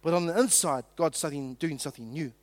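A man's voice: a little high, fast, no echo. A middle-aged man preaching a sermon in a conversational, joking way, acting out quotes. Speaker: pastor.

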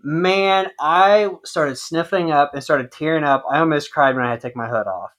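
A man co-hosting a casual podcast chat, telling a long personal story in an animated way. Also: fairly high pitch, normal speed. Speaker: podcast co-host.

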